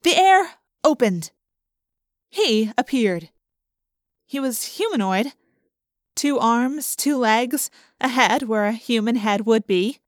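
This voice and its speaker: A woman narrating an audiobook in the first person, vivid and expressive. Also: a little high, slow pace, no room sound, studio quality.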